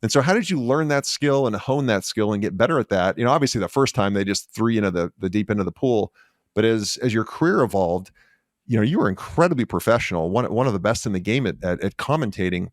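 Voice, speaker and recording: A man's voice: lowish voice, animated, quick pace, no echo, clean studio sound. A man hosting a podcast, asking long, thoughtful questions and affirming his guest. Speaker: podcast host. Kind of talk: interview questions.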